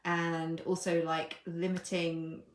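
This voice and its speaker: Woman, coach on a live stream, somewhat low voice, playful, irreverent, echoey room. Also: little pitch movement, slow. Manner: playful and irreverent, laughs at herself, swears casually. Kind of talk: casual live-stream talk.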